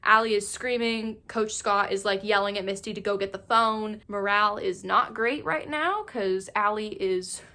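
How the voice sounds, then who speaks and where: A woman at a mid pitch, recapping a TV season in a loose, gossipy way. She leans on fillers and slips into quick acted-out versions of the characters' lines, then drops back into plain storytelling. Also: bright, forceful tone. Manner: chatty, filler-heavy, acts out characters' lines. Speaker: recap YouTuber. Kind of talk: casual narrated TV recap.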